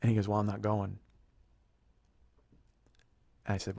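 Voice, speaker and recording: A man's voice: lowish voice, completely flat delivery, a little slow, creaky, a little mellow, dry recording. Profane man telling a heated story. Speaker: comedian host.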